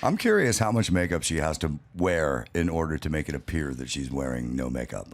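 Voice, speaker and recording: A man giving measured, emphatic, opinionated commentary as a guest on a talk show. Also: rumbling low, big pitch swings.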